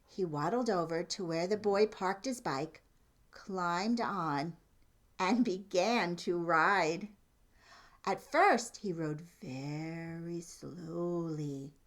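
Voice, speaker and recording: A woman with a lowish voice slowly reads a children's picture book aloud for storytime. As she goes, she asks the listener questions about the pictures.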